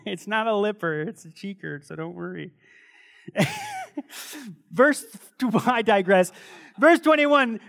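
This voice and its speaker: A man with a notably high voice preaching to his congregation in church. He talks animatedly, laughs easily and often doubles up words like "and, and" as he restarts. His delivery moves between playful asides and a slower, earnest prayer. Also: wildly swooping pitch, vocal fry, a bit bright. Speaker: pastor. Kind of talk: sermon with closing prayer. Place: church service before a congregation.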